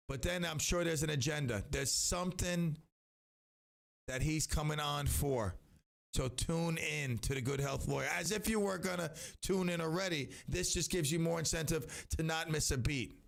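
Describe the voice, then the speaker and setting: A middle-aged man hosting a local radio show in casual chat, rambling and self-interrupting, now and then breaking into loud singing. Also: on the high side, moderate pace, vocal fry.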